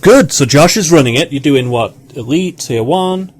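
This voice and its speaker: A man's voice: a little high, animated, moderate pace, a little mellow. A man hosting a casual podcast, chatting loosely and upbeat with co-hosts. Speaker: podcast host.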